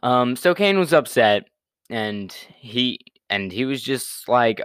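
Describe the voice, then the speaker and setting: A man's voice: mid-range voice, expressive, slow, a bit bright, smooth, dry recording, clean studio sound. A young man casually retelling a Bible story in a laid-back, slangy way, full of fillers and restarts.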